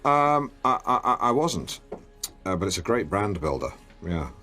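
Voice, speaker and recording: A man's voice: lowish voice, very animated, moderate pace, bright, forceful tone, faint music behind. A man hosting a comedic radio show in a studio, pompous and often stumbling over his words. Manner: pompous, fumbling, stammering. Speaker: radio host.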